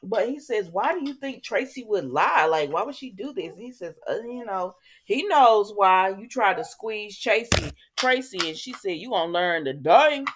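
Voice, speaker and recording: A woman's voice: mid-range voice, lively intonation, moderate pace, hardly any pauses, slight background noise. A woman hosting a casual soap opera recap, chatty and sassy, talking back to the characters.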